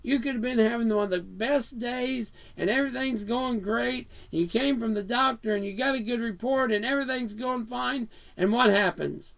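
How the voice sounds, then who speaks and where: A man's voice: very high voice, moderate pace, gravelly, hardly any pauses, a bit bright. A man preaching an earnest sermon in a house of worship, reading scripture verses aloud.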